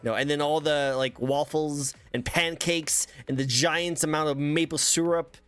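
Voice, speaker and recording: A man's voice: a little high, steady tone, moderate pace, a bit bright, clean tone, faint music behind. An American man hosting an interview, goofy and hesitant, full of uhs as he jokes around. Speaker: interview host. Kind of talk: casual interview banter.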